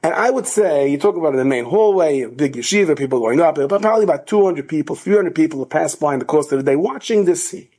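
A man giving an inspirational storytelling talk as a rabbi, animated and building to near-shouting emphasis. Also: a little high, fast, hardly any pauses.

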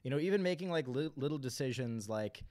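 A man talking as a guest on a podcast, laying out his opinions in a measured way. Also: medium pitch, expressive, darkish tone. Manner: measured, gives opinions in full sentences. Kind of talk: casual podcast chat.

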